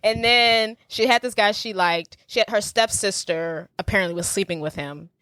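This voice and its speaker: A woman co-hosting a podcast in casual chat, easygoing and quick to laugh, telling stories in loose run-on sentences. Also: mid-range voice, a bit bright, smooth, no room sound. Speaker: podcast co-host.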